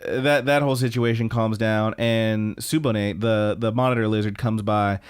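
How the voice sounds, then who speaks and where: A young man co-hosting a podcast, recapping an anime with excitement, frequent laughter, swearing and filler words. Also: on the low side, normal speed, clear, resonant tone. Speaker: podcast co-host.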